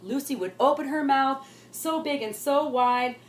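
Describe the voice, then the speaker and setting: A woman teacher reading a rhyming children's story aloud in an animated, sing-song way. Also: high-pitched, measured pace, a little hiss or hum. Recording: roomy echo.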